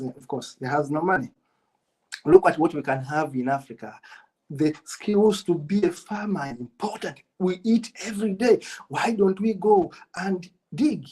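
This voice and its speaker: A man's voice: a little high, darkish tone, rough recording. Man giving an emphatic business masterclass. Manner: repeats key phrases for emphasis, preachy. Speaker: business coach. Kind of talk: motivational masterclass talk. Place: United Kingdom.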